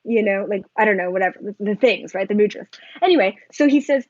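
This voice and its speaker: A woman talking casually to her viewers as a spiritual vlogger, rambling and excitable, full of filler likes and asides. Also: medium pitch, fast, no room sound, lo-fi sound.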